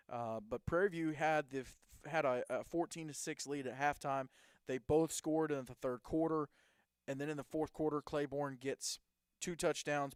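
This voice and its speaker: A man hosts a casual high school football talk show in a smooth, resonant voice of ordinary middle pitch. He rambles through game recaps and reels off player stats, and the sound is close and dry.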